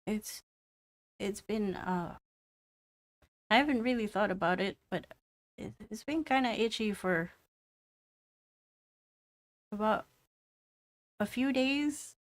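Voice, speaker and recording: A woman voicing a scared, confused young boy who mumbles and stammers, his voice cracking high and low. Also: slow, pauses often, natural voice. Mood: nervous.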